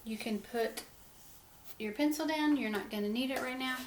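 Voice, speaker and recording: A woman teaching a phonics lesson to young children, sounding out words letter by letter and gently encouraging them. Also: high voice, moderate pace, a little hiss or hum. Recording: echoey room with faint ambience.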